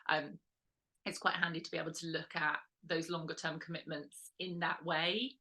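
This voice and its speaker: Chatty low-voiced woman. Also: level tone, moderate pace, pushed and bright. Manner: chatty, rambling, self-correcting with frequent "um"s. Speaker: lifestyle workshop host. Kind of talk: casual instructional talk.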